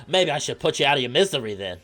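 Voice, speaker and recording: A man voicing a big, brawny male shark dockworker with an attempted Welsh accent, teasing in a rough, jokey way in a game playthrough. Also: mid-range voice, very animated, brisk, bright, forceful tone, faint music behind.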